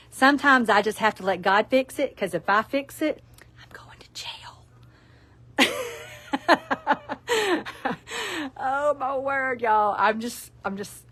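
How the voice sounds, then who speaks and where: A middle-aged woman with a Southern US accent, running a casual live sales stream for her shop, chatting in a folksy way and laughing a lot. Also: medium pitch. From South Alabama. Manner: chatty, laughs often, folksy asides to viewers. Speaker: store owner presenting products.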